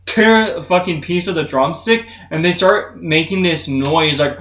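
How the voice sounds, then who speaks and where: A man's voice: unhurried, few pauses. A young man streaming, telling rambling comedic stories in casual chat, swearing constantly and saying "dude" a lot. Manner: does loud high-pitched mocking voices in stories. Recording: roomy, slightly muffled stream audio.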